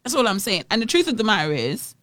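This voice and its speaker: A woman's voice: mid-range voice, very animated, quick pace, a bit bright, no room sound. British woman, playful preachy co-host, dry close sound. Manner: playful, teasing, preachy asides. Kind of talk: casual Christian chat.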